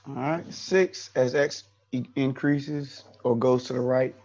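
A man's voice: medium pitch, fairly even intonation, slow pace, darkish tone, lo-fi sound. A man teaching an online statistics class, explaining step by step and repeating key points.

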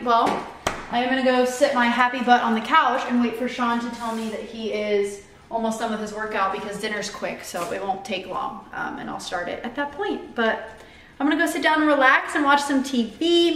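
A woman's voice: fairly high pitch, normal speed, fairly bright tone, a little hiss or hum. Chatty woman vlogging from an echoey room. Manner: chatty, upbeat, rambling. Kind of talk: casual vlog chat. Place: home indoors.

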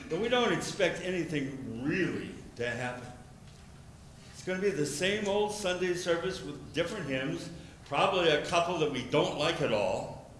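Male pastor, sermon delivery, forceful bright tone, recorded in a reverberant sanctuary. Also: slight background noise. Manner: storytelling, voices the crowd's questions with rising pitch. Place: church sanctuary. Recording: echoey church room.

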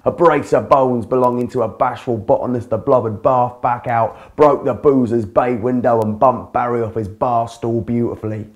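A man narrating a comic poem as a performance poet, with a punchy, deliberate delivery that leans on alliteration. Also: medium pitch.

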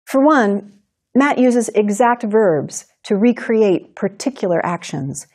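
A woman teaching writing in a recorded lecture, explaining in a clear, measured way. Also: medium pitch, animated, darkish tone. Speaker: writing instructor.

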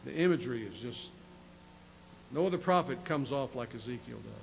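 A man's voice: medium pitch, animated, brisk, gravelly, slight background noise, rough recording. A male pastor preaching a sermon, reading scripture passages and then explaining them in plain asides, often repeating words and restarting phrases. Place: church sanctuary.

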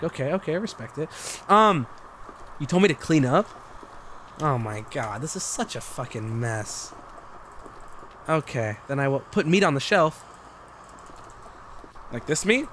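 A young man streaming gameplay commentary, excitable and joking, swearing freely. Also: medium pitch, slight background noise.

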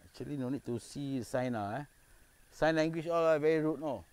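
A man's voice: a little high, fairly quick, darkish tone, clean tone. A man with a Singaporean English accent talks on a casual live stream from a park at night. He jokes and banters freely, dropping Malay phrases into his easygoing chatter. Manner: jokey, banters with spirits, mixes in Malay phrases. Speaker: paranormal explorer live-streaming. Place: dark park outdoors at night.

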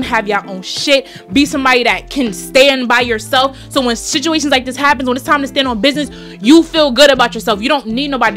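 A woman's voice: on the high side, pushed and bright. A woman in her twenties with a New York accent, hosting a podcast and giving a blunt, profane, fired-up motivational talk. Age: 20s. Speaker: podcast host.

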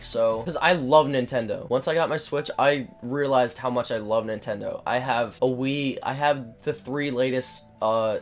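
A man hosting a gaming channel, rambling chattily through let's play commentary and swearing when he gets frustrated. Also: medium pitch. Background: faint video game music.

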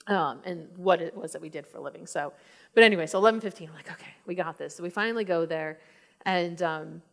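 A woman shares her own story from the front of a church in a fairly low voice. She tells it as a lively tale, acting out her past remarks and breaking into laughs as she goes. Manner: laughs often. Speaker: church speaker sharing her testimony. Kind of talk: personal testimony talk.

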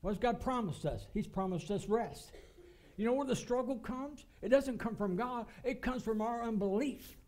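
Male pastor, high voice, emphatic sermon delivery with repetition. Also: normal speed, darkish tone. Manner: emphatic preaching, repeats phrases for stress. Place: church.

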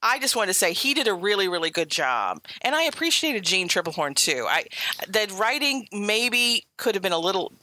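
A woman's voice: mid-range voice, big pitch swings, moderate pace, bright, forceful tone, no echo. A woman co-hosting a podcast, chatting casually and opinionatedly about a film, often acting out characters' lines. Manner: opinionated, emphatic, quotes characters in voices. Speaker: podcast co-host.

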